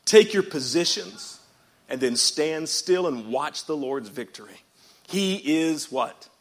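A man pastor preaching a sermon in church, swinging from quiet reading up to shouted, rhythmic repeated phrases and calling out to the congregation. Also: fairly high pitch, animated, takes it slowly. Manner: calls out to the congregation.

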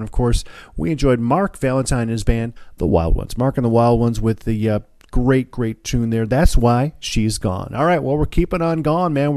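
Laid-back male radio DJ, dark dry voice. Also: medium pitch, no room sound. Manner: laid-back, says "man" often. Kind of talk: casual radio show chat. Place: chalet room at a music festival.

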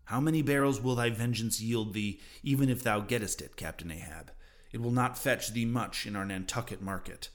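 A man's voice: on the low side, normal speed, close to an everyday voice. A man voicing a cautious, level-headed male first mate who speaks earnestly.

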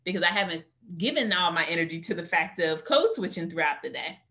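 A woman with a low-pitched but bright, forceful voice, talking as a guest in a podcast interview. She tells her stories with animation and acts out the lines of people in them. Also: fast talker. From United States. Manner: animated storyteller, acts out quotes. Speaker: guest, career coach. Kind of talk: conversational interview.

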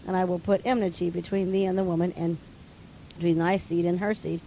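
A woman reading King James scripture aloud slowly and steadily. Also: on the low side, little pitch movement, gravelly, warm tone, a little hiss or hum, low-quality recording. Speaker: scripture reader.

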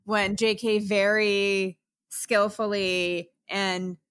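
A woman co-hosting a podcast over a video call, giggling and chiming in with quick agreement. Her voice sits mid-pitch and sounds dry, with no room echo. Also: flat delivery, fairly bright tone, clean tone. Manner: giggly, chimes in with short agreement. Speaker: podcast co-host. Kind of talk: casual chat.

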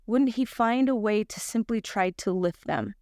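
A middle-aged woman gives a devotional Bible lesson, telling a personal story and acting out the people in it. Her voice is smooth and clear. The recording is dry and close. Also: mid-range voice, normal speed, dry recording. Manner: animated storyteller, acts out quoted voices. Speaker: Bible study teacher.

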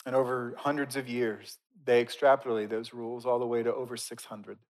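A male pastor delivering a sermon in a mid-range voice. He talks plainly and conversationally, then leans hard on key words with sudden loud bursts before dropping to quiet, drawn-out emphasis. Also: medium pitch, little pitch movement.

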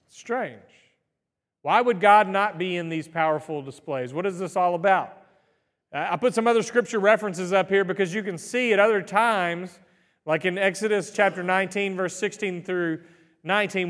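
A man in his thirties giving a sermon as pastor, talking in a conversational, animated way. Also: high voice. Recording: reverberant hall.

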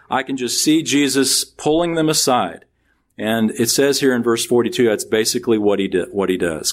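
A middle-aged man delivering a sermon from the pulpit. He talks through the text plainly, then lets his voice climb with strong emphasis on each key line. His pitch moves a lot, with an ordinary mid register. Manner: conversational preaching that builds to emphatic, rising peaks. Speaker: pastor.

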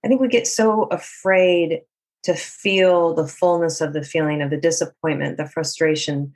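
A woman's voice: sits low, steady tone, moderate pace, a little mellow. A woman life coach speaking in an earnest, reflective way, sometimes acting out people's inner voices as she talks. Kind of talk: casual conversation.

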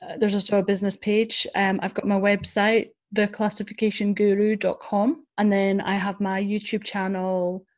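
A woman guest chatting on a podcast in a voice of middling pitch. She speaks frankly and in a lively way, quick to poke fun at herself. Her tone is casual and open. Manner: frank and lively, self-deprecating. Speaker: guest, business owner. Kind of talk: casual interview chat.

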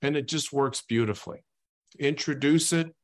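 A man's voice: medium pitch, normal speed. A man on a panel discussion who repeats words as he starts his sentences.

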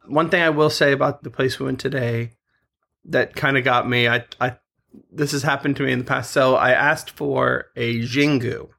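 A man's voice: mid-range voice, steady tone, moderate pace, vocal fry, sharp tone. A young man in his twenties co-hosting a podcast, telling stories in a rambling way and laughing often. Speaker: podcast co-host. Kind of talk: casual chat.

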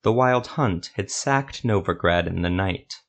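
Low-voiced man narrating a fantasy story. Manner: steady, measured storytelling.

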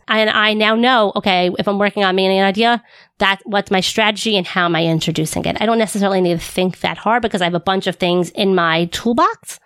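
A woman's voice: medium pitch, steady tone, fairly quick, fairly bright tone, smooth, no echo, studio quality. Upbeat woman speech therapist teaching. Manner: upbeat, rhetorical questions, acts out student voices. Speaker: speech-language pathologist. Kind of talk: instructional talk to fellow clinicians.

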